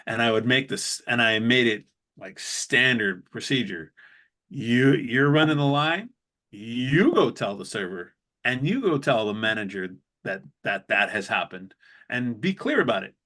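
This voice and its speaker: A man's voice: medium pitch, moderate pace. A man hosting a podcast, a chef telling kitchen stories in a casual chat, acting out quotes and laughing often. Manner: animated anecdotes with acted-out quotes and laughs.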